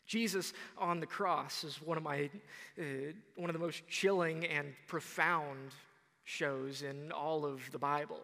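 A young man preaching a sermon, retelling a parable in a conversational, animated way. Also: on the high side, a little slow, big-room sound. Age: young adult.

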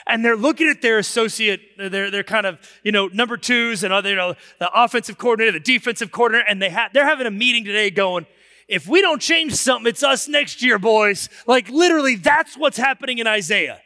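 A man's voice: high-pitched, quick pace, hardly any pauses, bright, forceful tone, long reverb tail. A man serving as pastor and delivering a sermon in a church sanctuary, in a conversational, digressive manner that swells into emphatic bursts.

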